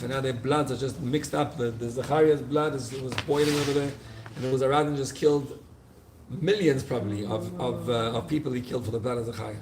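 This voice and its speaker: A man's voice: a little high, a little mellow, a little hiss or hum. A man, a rabbi, explaining liturgical poems, telling the story with feeling and voicing the figures' pleas.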